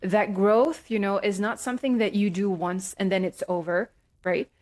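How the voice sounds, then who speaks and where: A woman life coach talking through advice in a gentle, reflective way, often checking in with "right?" and pausing with fillers. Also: mid-range voice, fairly even intonation. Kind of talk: casual advice talk.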